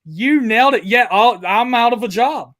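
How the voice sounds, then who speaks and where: A man hosting a livestream chat, excitable and hyping up his guest and viewers. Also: very high voice, normal speed. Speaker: host.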